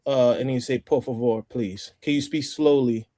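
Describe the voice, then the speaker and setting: A man's voice: medium pitch, fairly even intonation, normal speed, warm tone, dry recording. Man hosting, dry close sound. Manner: chatty, explains phrases step by step. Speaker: host. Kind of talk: casual roundtable chat.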